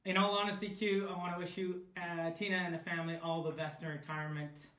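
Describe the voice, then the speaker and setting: A man's voice: high-pitched, flat delivery, quick pace, sharp tone. Man, mock-grave, echoey room. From Canada. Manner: mock-grave, dry humour. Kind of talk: casual video greeting.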